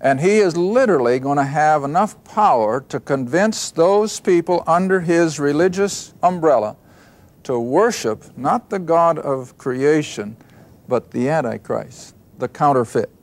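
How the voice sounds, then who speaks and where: A man's voice: on the high side, lively intonation, unhurried. A man teaching a Bible study, reading verses aloud and explaining them, often asking questions and answering them himself. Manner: reads scripture aloud then explains.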